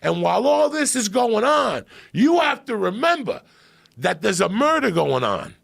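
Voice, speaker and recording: A man on a podcast, telling a story in a profane, animated way that swings from hushed and low to loud and excited. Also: a little slow, gravelly, no echo, clean studio sound. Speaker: podcast guest.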